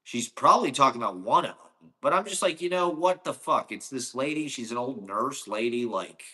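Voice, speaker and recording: A man's voice: medium pitch, animated, normal speed, bright, forceful tone. A man from Ohio delivering a casual, rambling monologue, profane and sarcastic.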